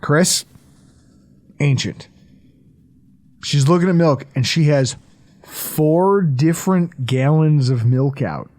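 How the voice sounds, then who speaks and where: A man, co-hosting a podcast in casual, profane, animated storytelling. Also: fairly high pitch, slow pace, pauses often. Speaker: podcast co-host.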